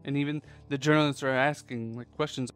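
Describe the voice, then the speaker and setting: Male podcast host, casual animated storyteller, mid-pitched. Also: smooth, soft background music. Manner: animated, jokey, does quick quoted voices.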